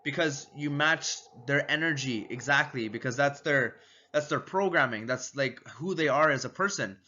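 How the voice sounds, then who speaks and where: A man giving a casual, energetic training talk on rapport, repeating his points and acting out short door-step exchanges. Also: medium pitch, normal speed, muffled recording. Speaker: sales and marketing trainer. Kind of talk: casual teaching video.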